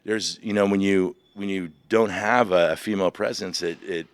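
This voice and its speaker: A man in his fifties, a veteran guest on a podcast, candidly retelling personal stories in an animated way. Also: low-pitched, moderate pace, clear, resonant tone, no room sound. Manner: animated, vivid retelling of past events.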